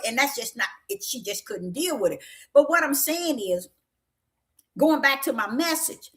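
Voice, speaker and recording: A middle-aged woman telling a story to viewers in an animated, preachy way. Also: high-pitched, normal speed.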